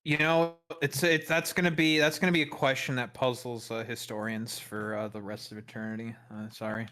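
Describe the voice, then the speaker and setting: A man's voice: medium pitch, level tone, brisk, bright, forceful tone. A man on a livestream, chatting in a sarcastic, jokey way with a lot of swearing. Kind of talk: casual joking chat.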